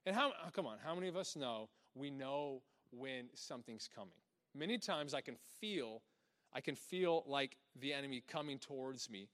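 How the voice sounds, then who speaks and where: A man preaching a lively sermon, animated, often laughing and acting out little voices. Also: medium pitch, normal speed.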